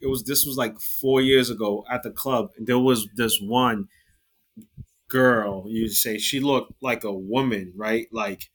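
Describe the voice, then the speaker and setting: A man's voice: lowish voice, a little slow. A man in casual podcast chat, telling a club story with lots of swearing and quoted dialogue. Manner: animated storyteller, swears a lot.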